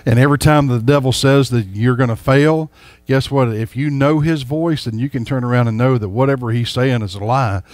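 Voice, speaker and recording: A man's voice: mid-range voice, a little fast, darkish tone, dry recording. A man preaching a sermon as a pastor, folksy and emphatic, speaking straight to his congregation.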